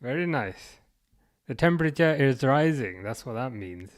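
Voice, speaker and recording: Reading viewer comments aloud on a football watchalong stream, a Birmingham-accented man sounds animated, medium-pitched, and moderately paced. His casual, laid-back commentary is punctuated by restarts and chuckles.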